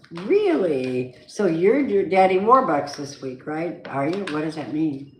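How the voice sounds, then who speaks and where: A woman's voice: low-pitched, sing-song, unhurried, hardly any pauses, slight background noise. Blunt, chatty woman reading tarot. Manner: chatty, blunt, emphatic, speaks straight to the viewer. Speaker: tarot reader. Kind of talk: weekly tarot reading for zodiac signs. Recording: roomy echoey room.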